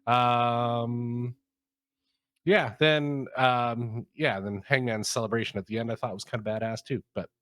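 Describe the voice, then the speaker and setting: A man co-hosting a casual wrestling review, relaxed and laughing along. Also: medium pitch, a little slow, no echo. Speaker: podcast co-host.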